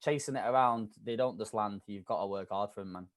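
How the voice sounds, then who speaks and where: A man's voice: lowish voice, fairly quick. A man with a Mancunian accent tinged with Scouse and London, a radio DJ telling stories in casual podcast chat. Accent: Mancunian mixed with Scouse and London. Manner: animated, chatty storyteller. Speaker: radio DJ guest.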